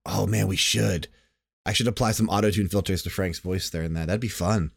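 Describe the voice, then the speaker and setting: Low-voiced chatty man hosting a podcast. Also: steady tone, brisk, gravelly, husky, dry recording. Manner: chatty, rambling with restarts. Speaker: podcast host. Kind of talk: casual gaming podcast chat.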